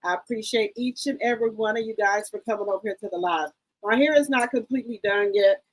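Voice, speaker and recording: A woman hosting a casual live stream who greets viewers by name with repeated hellos and chats in a gossipy, excitable way. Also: mid-range voice, quick pace, low-quality recording. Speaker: live-stream commentary host.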